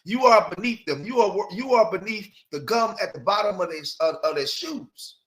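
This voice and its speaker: A man hosting and commenting on a debate, explaining points in a steady, drawling way. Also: high voice, normal speed.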